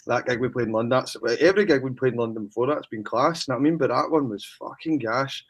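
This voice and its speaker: Blunt, sweary Glaswegian musician. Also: male voice, mid-range voice, fast talker, low-quality recording. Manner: blunt, heavy swearing, slangy. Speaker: musician guest. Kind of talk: casual chat.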